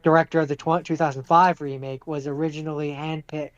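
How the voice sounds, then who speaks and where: A man co-hosts a casual podcast chat in a smooth, slightly high voice, slowly wearing his voice out as he goes. He talks in a measured, hesitant way with plenty of fillers. The recording is dull and lo-fi. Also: level tone. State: losing his voice. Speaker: podcast co-host.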